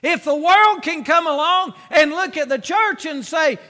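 A man preaching a sermon with emphatic, repeated exhortations that swell into shouts. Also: very high-pitched, a little slow, big-room sound.

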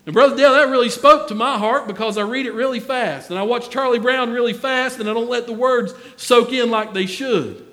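High-voiced folksy preacher in a hall. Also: male voice, fairly quick, hardly any pauses, a bit bright. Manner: folksy, addresses congregation members by name. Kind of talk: sermon.

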